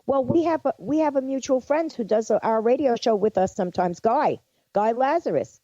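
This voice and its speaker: A woman's voice: fairly high pitch, animated, normal speed, dark tone, no echo. A woman co-hosting a psychic radio show, speaking earnestly and affirming what others say. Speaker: psychic medium co-host. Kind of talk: casual radio chat. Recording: dull dry lo-fi sound.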